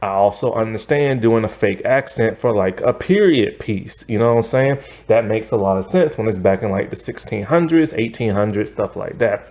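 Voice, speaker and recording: A man giving a casual spoken movie review, rambling and animated, filling his talk with "like" and "you know". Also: normal speed. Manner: animated, pitch jumps up often.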